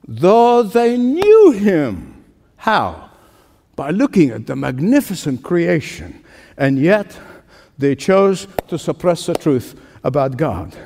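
A man preaching a sermon as pastor, emphatic, with dramatic pauses and passages that rise toward shouting. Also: on the high side. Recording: long hall reverb.

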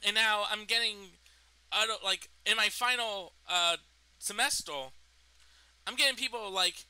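A man's voice: high-pitched, a little slow, bright, forceful tone, clear, resonant tone, dry recording, rough recording. A young man in a vlog, indignantly retelling a personal story and swearing freely. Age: young adult. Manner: indignant, profane retelling of events. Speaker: vlogger.

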